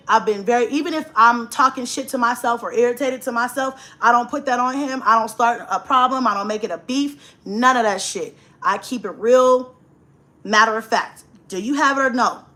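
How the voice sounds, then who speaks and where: A woman's voice: sits high, pushed and bright. A young woman vlogger telling a story in a rant, swearing freely and acting out both sides of an argument.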